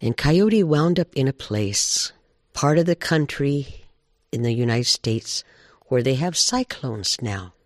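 Casting: male oral storyteller, expressive, mid-pitched, dry close mic. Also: slow pace, dry recording. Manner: expressive, animated. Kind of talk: oral folk tale telling.

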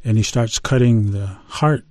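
A middle-aged man telling a traditional creation story in an unhurried, conversational way, with fillers and restarts. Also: mid-range voice, no echo. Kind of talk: oral storytelling of a traditional tale.

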